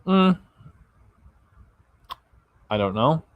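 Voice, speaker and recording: Over phone-quality audio, a fairly high-pitched man speaks extremely slowly, his pitch swinging a lot. Tired and yawning, this reaction channel host chats casually on his live stream, reading chat aloud and stumbling over names.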